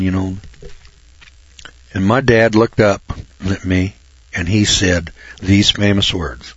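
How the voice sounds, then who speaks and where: A man's voice: lowish voice, fairly even intonation, a little slow, long pauses, no room sound. An older man from Northern California, a reporter, telling a folksy personal story and repeating words for emphasis. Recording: dull lo-fi recording.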